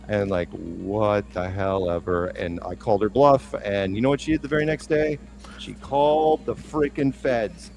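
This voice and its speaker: A man co-hosting a podcast, telling a long story in a rambling, animated way with lots of restarts. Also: fairly low pitch, moderate pace, vocal fry, faint music behind. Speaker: podcast co-host. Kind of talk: casual storytelling chat.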